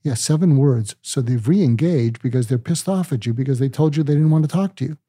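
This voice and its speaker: An older male psychiatrist, calm and deliberate, explaining ideas with medical analogies in an interview. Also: mid-range voice, husky, no room sound. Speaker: psychiatrist guest.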